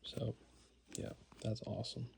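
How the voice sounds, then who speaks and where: A man's voice: a little slow, darkish tone, slight background noise. A man casually showing off items from his collection, talking in a rambling, enthusiastic way with lots of fillers and repeated words. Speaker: card collector vlogger. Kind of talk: casual show-and-tell narration.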